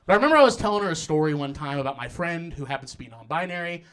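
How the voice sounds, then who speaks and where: A man's voice: a little high, animated, racing, a bit bright, smooth. A young man performing a stand-up comedy set on a club stage, acting out voices and laughing through his lines. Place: comedy club stage in front of a live audience.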